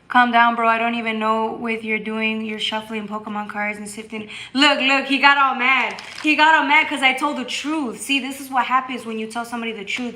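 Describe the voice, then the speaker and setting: A woman hosting a tarot livestream, chatting casually and bluntly with viewers. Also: fairly high pitch. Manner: blunt and scolding, reads chat aloud, bursts into loud laughter. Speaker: tarot reader and livestream host.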